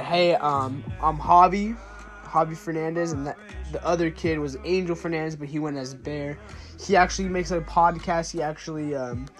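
A teenage boy hosting his own podcast, telling a story in a rambling, casual way, full of "like" and swearing. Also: on the high side. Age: teens. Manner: rambling, loose and profane, heavy on "like". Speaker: podcast host.

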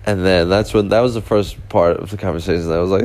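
A man's voice: sits low, brisk, a little mellow. A young man casually telling a rambling story, full of fillers and restarts. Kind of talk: casual anecdote.

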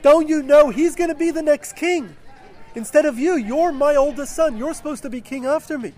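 A man's voice: extremely high pitch, moderate pace, darkish tone, some chatter behind, voice pushed up. A man voicing an angry, jealous king who accuses his own son.

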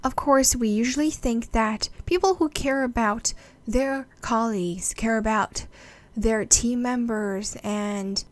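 A woman presenting an explanatory video talk, measured and speaking straight to her viewers. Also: on the high side.

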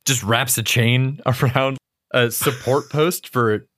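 Laid-back man with a middle-pitched voice. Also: steady tone, slow pace, a bit bright. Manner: laid-back, profane, joking. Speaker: podcast co-host. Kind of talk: casual movie chat.

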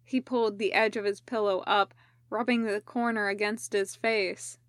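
A woman narrating a fan-fiction audiobook in a measured, even way. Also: mid-range voice, no echo, clean studio sound. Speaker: podfic reader.

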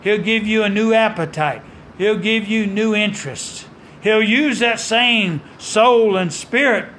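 Male preacher, pitched high, fervent and emphatic, pauses for effect, light background hum. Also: fairly bright tone. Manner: fervent, call-and-response preaching; dramatic pauses and emphatic quoting of scripture. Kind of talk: sermon.

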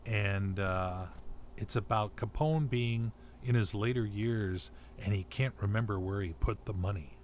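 Relaxed rambling man on a podcast. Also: on the low side, a little slow, slight background noise. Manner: relaxed, rambling with fillers and restarts. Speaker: podcast co-host. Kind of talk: casual chat.

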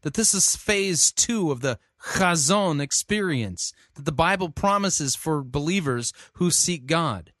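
A man's voice: fairly high pitch, lively intonation, unhurried, hardly any pauses, fairly bright tone, no room sound. Skeptical male sermon critic, dry sound. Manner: skeptical, challenging, repeats quotes mockingly. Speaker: sermon reviewer. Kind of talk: critical commentary.

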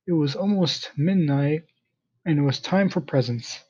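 A man reading a first-person story aloud in a plain, steady manner, in a dull lo-fi recording. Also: on the high side, unhurried, slightly rough.

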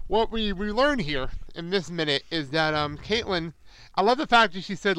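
A man's voice: high-pitched, normal speed, clean tone, dry recording, low-quality recording. A man co-hosting a casual movie podcast, joking and laughing often as he talks. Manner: laughs often, jokey and animated. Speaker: podcast co-host.

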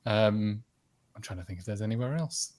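A man chats on a podcast in a fairly low voice, reflective and quick to laugh. He draws out his phrases as he talks. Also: expressive, darkish tone. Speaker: podcast co-host. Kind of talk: casual chat.

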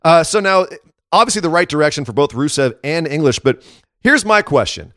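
A man's voice: on the high side, expressive, a little fast, fairly bright tone, dry recording. Man, co-host, casual opinionated chat, sarcastic edge, dry close sound. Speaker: wrestling podcast co-host.

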